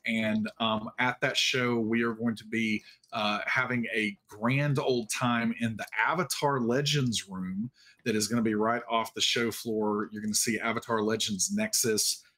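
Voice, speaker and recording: A man's voice: lowish voice, steady tone, measured pace, pushed and bright. A man hosting a livestream cast Q&A, chatty and upbeat, with frequent fillers. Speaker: host.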